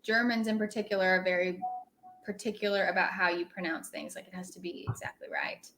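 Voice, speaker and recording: A woman's voice: lowish voice, a bit bright, slight background noise. A woman from Texas, a guest in a casual interview chat over a video call, talking in a friendly, upbeat way. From Texas, USA. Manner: friendly, upbeat, quick to agree.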